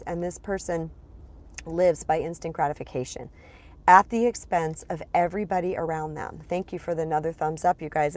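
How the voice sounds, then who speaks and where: A woman's voice: lowish voice, darkish tone. A woman life coach talking casually to a live audience, a little congested, often repeating words and calling them "you guys.". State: congested, clearing throat. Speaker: spiritual empowerment coach. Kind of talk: casual live-stream talk to viewers.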